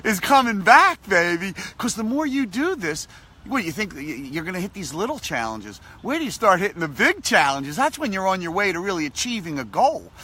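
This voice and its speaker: A man giving a casual motivational talk, animated and repetitive in a coaching tone. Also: a little high, a little hiss or hum. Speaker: motivational vlogger.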